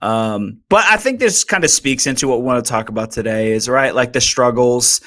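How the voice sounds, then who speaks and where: A man in his thirties, a podcast co-host, telling a story in a casual chat, animated and self-mocking, often laughing. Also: medium pitch, brisk.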